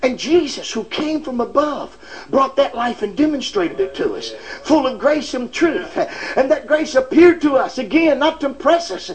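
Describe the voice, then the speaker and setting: A man preaching a sermon with impassioned emphasis, often pushing his voice to a shout and dropping "uh" between phrases. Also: extremely high pitch, expressive, moderate pace, poor audio. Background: faint congregation responses.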